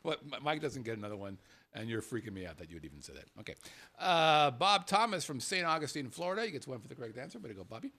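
A man co-hosting a casual podcast, reading out listener names with playful, animated banter that drops into murmured asides. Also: mid-range voice, fast talker. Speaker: co-host.

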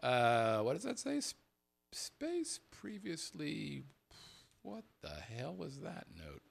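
A man co-hosting a casual podcast, reading out listener names with playful, animated banter that drops into murmured asides. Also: fairly high pitch, slow, vocal fry, slight background noise. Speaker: co-host.

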